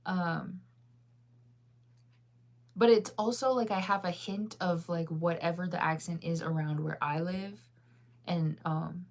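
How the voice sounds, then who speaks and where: A woman's voice: lowish voice, steady tone, slow, pauses often, darkish tone. A woman in her thirties with a faint Midwestern American accent, chatting casually with viewers in a rambling way, full of fillers and laughter. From United States. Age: 30s. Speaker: streamer answering viewer chat. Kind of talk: casual chat.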